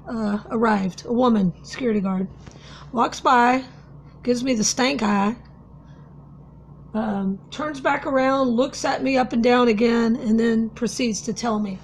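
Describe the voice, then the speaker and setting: Talking casually to camera, a woman vlogger earnestly recounts a story, using fillers and starting sentences over. She has a fairly high voice, and there's a bit of noise in the background.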